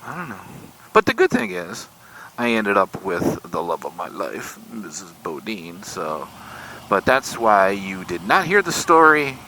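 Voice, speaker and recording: An older man in a casual, folksy ride-along vlog, poking fun at himself as he tells a tale. His voice is bright and swings up and down a lot. Faint road noise hums underneath. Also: on the low side, poor audio. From Michigan, USA. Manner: folksy, self-deprecating, animated retelling of dialogue. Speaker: motorcycle vlogger. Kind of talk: casual storytelling while riding. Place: outdoors on a motorcycle on country roads. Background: faint road and vehicle noise.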